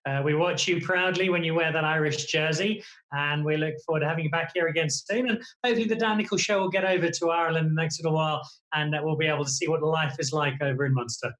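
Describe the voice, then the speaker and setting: A man hosts a remote talk show interview, his voice sitting a little high. He asks lively, jokey questions. The room around him rings with echo. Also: quick pace. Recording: echoey room.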